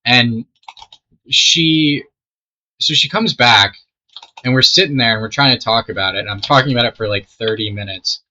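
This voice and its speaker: A man's voice: medium pitch, moderate pace, sharp tone. A young man telling a rambling, swear-filled story while he plays a game, often trailing off mid-sentence. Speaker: storytelling gamer. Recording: dull lo-fi mic.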